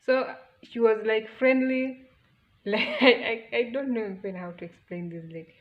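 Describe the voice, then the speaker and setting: A woman's voice: a little high, moderate pace, muffled recording. A woman with a Kenyan accent telling a personal story, earnest and emotional, often restarting her sentences. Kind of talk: casual storytelling.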